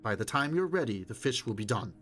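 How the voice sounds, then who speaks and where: A man voicing a worried young wife with a low, husky voice who speaks briskly and gently. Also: sing-song. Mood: tender.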